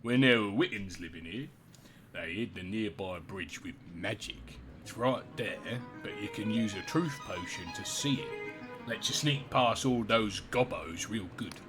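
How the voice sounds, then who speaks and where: British man doing a gruff old townsman, folksy storyteller, slow drawl, deep-ish voice, music playing behind, game stream. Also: animated. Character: gruff old male townsman, sixty years in a ruined town.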